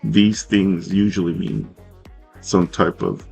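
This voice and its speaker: Husky guy game mastering, kinda rambly and laid back, soft music playing under. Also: sits low, takes it slowly. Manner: relaxed, rambling, with fillers and self-corrections. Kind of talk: narrating a tabletop game.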